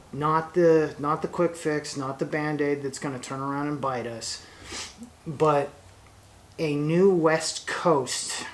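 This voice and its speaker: A man from Oregon hosting his own channel, giving a political opinion monologue in a slow, deliberate way with frequent fillers and restarts. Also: medium pitch. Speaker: workshop channel host.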